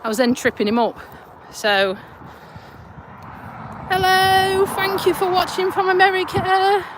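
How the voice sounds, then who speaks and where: A woman's voice: very high voice, a little slow, slight background noise, rough recording. A woman chatting casually on a live stream while walking her dog outdoors, speaking into a handheld phone in a down-to-earth way with some swearing. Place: outdoors on an urban walk. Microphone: phone held in hand.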